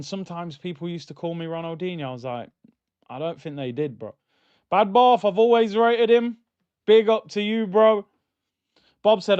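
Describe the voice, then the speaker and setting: Excitable man hosting a match stream. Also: high voice, clear, resonant tone, no echo, lo-fi sound. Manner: excitable, banter-heavy, shouts at goals. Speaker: football watchalong host. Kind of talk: live match watchalong commentary.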